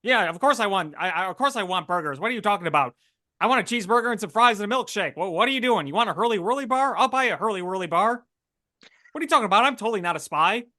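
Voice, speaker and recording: A man's voice: sits high, animated, rapid-fire, pushed and bright, pitched above the performer's own voice. A man voicing a brash, defensive 1950s male spy in a fedora, with a put-on transatlantic accent and stammering, indignant questions. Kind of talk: comic improv bit on a podcast.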